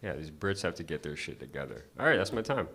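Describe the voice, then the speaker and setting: On a comedy club stage at an open mic, a stand-up comedian delivers a casual, profane set, chatting with the crowd conversationally. His voice is a rumbling low with a sing-song, fast delivery, and the recording is very noisy.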